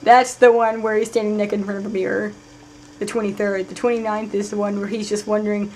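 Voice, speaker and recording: A woman giving casual live commentary while playing a game, thinking aloud, swearing, and moving between sudden loud outbursts and quiet muttering. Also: mid-range voice, little pitch movement, brisk. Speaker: let's play streamer.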